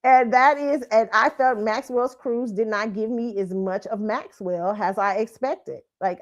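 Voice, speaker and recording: With a fairly high-pitched voice, this woman hosts a casual pop-culture chat stream using a streaming setup mic. She talks bluntly and profanely, laughs a lot, and repeatedly checks in with "okay?"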